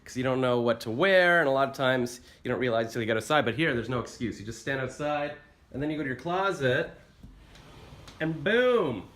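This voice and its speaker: A man's voice: mid-range voice, expressive, brisk, fairly bright tone. A man with a joking, self-mocking manner, hosting a casual walkthrough of a condo unit indoors. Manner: playful, self-mocking, exclamatory. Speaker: host touring a condo.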